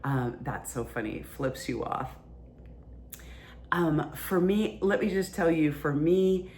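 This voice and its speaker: A woman's voice: deep voice, lively intonation, normal speed, darkish tone, slight background noise. A woman hosting a podcast, explaining relationship ideas in a casual, conversational teaching style. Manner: conversational, explains plainly with fillers.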